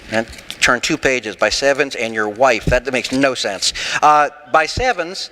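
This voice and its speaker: A man leading an interactive sermon class, animated and rhetorical with a sarcastic streak, taking questions from the room in a church. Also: mid-range voice, unhurried, big-room sound. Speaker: pastor teaching a Bible class.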